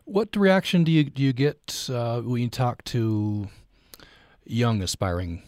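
A man's voice: medium pitch, a little slow, a little mellow. A man hosting a radio interview, asking brief, encouraging questions. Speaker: radio host.

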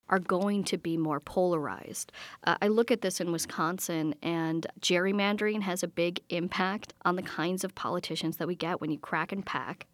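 A woman interviewer with a fairly low voice asks measured, pointed questions. Her sound is dry and close, like a studio recording. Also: dry recording. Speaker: radio interviewer.

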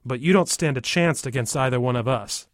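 A man's voice: mid-range voice, fairly quick, no room sound, studio quality, natural voice. A man voicing a bossy, teasing older boy cousin.

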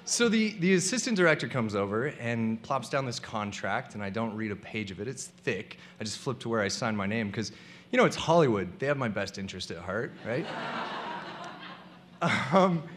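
A man's voice: mid-range voice, lively intonation, moderate pace, a bit bright, slight background noise. A young man telling a comic personal story to a live audience, acting out the people he quotes.

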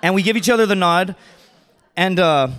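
A man's voice: sits high, normal speed, a bit bright, a little hiss or hum. A man doing stand-up storytelling on a live stage, rambling and conversational with lots of fillers, chuckling at his own story. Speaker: stand-up comedian. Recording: reverberant hall.

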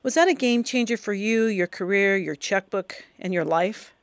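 A woman hosting an interview, asking measured, attentive questions. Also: mid-range voice, no room sound. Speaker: radio interviewer host.

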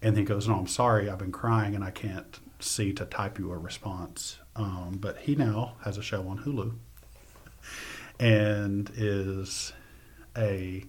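A man reading his poetry and telling stories in an interview, soft-spoken and often trailing off. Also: lowish voice, steady tone, takes it slowly, slightly rough. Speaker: poet and interview guest.

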